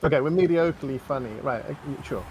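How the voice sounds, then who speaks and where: A man's voice: a little high, fairly quick, dull audio, slight background noise. A man commentating a video game match in casual style, with joking, self-deprecating banter and the odd swear.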